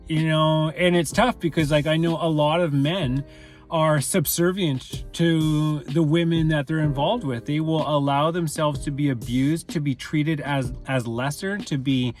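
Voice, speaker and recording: A man's voice: fairly high pitch, steady tone, a little slow, soft background music. A man talking casually and candidly in a rambling monologue, full of fillers and restarts. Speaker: channel host.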